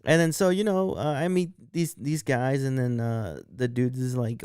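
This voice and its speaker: A man's voice: medium pitch, fairly quick, a little mellow, smooth, no echo, studio quality. A man co-hosting a podcast, telling a long story in casual, profane chat and acting out what others said. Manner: rambling, profane, acts out quotes. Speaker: podcast co-host.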